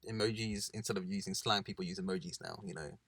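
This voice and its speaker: A man's voice: low voice, fairly even intonation, fast talker, a bit bright, no echo. A young man co-hosting a casual chat in a parked car, laid-back and rambling with plenty of fillers. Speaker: co-host.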